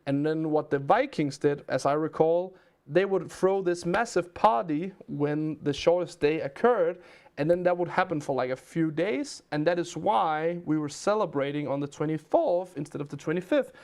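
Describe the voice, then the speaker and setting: A man's voice: a little high, normal speed, a little mellow. A man from Denmark with a Danish accent, a livestream host telling rambling stories and answering chat questions in casual chat.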